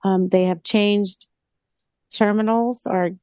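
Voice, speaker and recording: A woman's voice: medium pitch, takes it slowly, smooth, no echo. A woman co-hosting a casual podcast chat, telling stories animatedly and acting out quoted lines. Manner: animated storytelling with acted-out quotes. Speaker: co-host.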